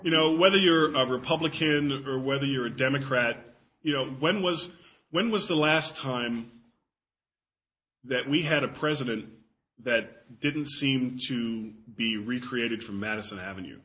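Bright-voiced man chatting to an audience. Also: medium pitch, unhurried, low-quality recording. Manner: chatty, self-deprecating, repeats words while thinking. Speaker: presenter answering audience questions. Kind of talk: casual talk to a live audience. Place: talk before an audience.

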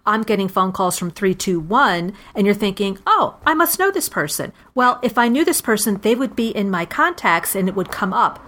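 A woman talking in a relaxed chat show, lively and expressive, slipping into little voices when she quotes people. Her pitch sits in the middle, with nothing unusual about her tone. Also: normal speed, few pauses. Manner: animated storyteller, acts out quoted voices. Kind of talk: casual chat.

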